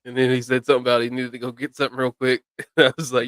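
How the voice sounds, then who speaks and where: A man's voice: mid-range voice, flat delivery, racing, a bit bright, no room sound. A man, joining the casual chat with easygoing, chuckling remarks. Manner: easygoing, chuckling, short replies.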